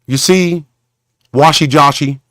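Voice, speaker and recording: A man from Southern hosting a confrontational livestream rant, rambling and halting, with preacher-like condemnations. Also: a little high, fairly bright tone, no room sound, clean studio sound. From Southern Oklahoma. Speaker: show host.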